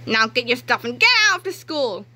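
A woman voicing a bossy male school principal who yells with glee. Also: a little high, animated, a little fast, heavily acted, low-quality recording. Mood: gloating. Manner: yelling, gleeful and harsh.

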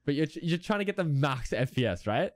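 A man's voice: fairly high pitch, very animated, a little fast, dry recording, clean studio sound. A young man chatting casually with strangers on a video call, teasing and slangy, calling people dude and bro. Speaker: beatboxing video chat host.

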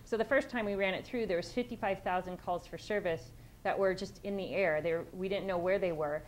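A woman's voice: lowish voice, brisk, low-quality recording. Woman presenter, middle-aged, direct, conversational, restarts often, faint background hiss. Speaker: police sergeant presenting at a workshop. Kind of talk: conference presentation.

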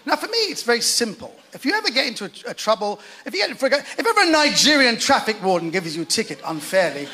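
A man's voice: extremely high pitch, sing-song, fast talker, hardly any pauses. A man from Iran doing a chatty, self-mocking stand-up routine with punchy delivery. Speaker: stand-up comedian. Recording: loud live crowd and noise on stage.

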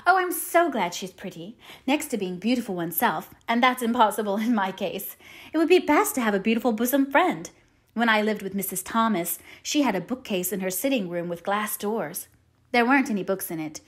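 A woman reads as a chatty young orphan girl in a storybook reading, full of eager daydreams. Her sentences run on breathlessly and lift with rapture. The voice sits a little higher than the narration around it. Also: lively intonation, a little fast, lightly acted. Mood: eager, dreamy. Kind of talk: audiobook character reading.

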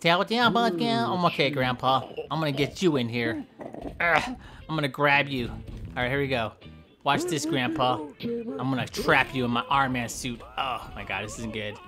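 A man hosting a gameplay video, giving playful, goofy commentary that keeps breaking into yelps and shouts. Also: medium pitch, animated, moderate pace, music in the background. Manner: goofy, trash-talking, yelps and shouts often. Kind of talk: playful let's-play commentary.

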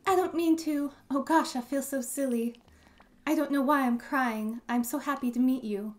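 A woman voicing an emotional, tearful woman in a game, raising her voice a little higher than her own. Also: level tone, fairly quick, natural voice. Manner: tearful, gushing. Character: tearful emotional woman meeting a long-lost face.

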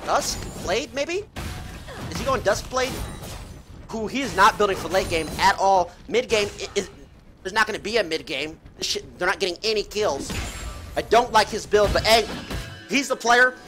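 A man streaming live esports commentary on a tournament match, profane and excitable, yelling through the fights. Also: sits high, normal speed. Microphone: headset. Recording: game music playing behind.

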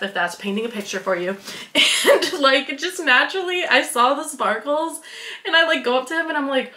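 A woman's voice: high voice, bright, forceful tone, roomy sound. A young woman from Wisconsin telling a story to her vlog, bubbly and giggly, full of "like" and acted-out quotes. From Wisconsin, USA. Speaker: vlogger. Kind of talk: casual storytelling.

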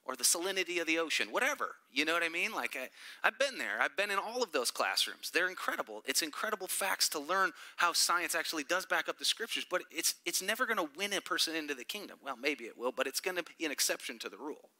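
Pastor guy preaching, animated and emphatic, fairly high voice, super bright. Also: quick pace. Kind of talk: sermon.

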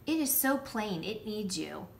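A woman voicing a gentle, friendly male hermit crab in a children's storybook, speaking politely and admiringly. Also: mid-range voice, big pitch swings, measured pace, vocal fry, slight background noise. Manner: polite, admiring, softly pleading.

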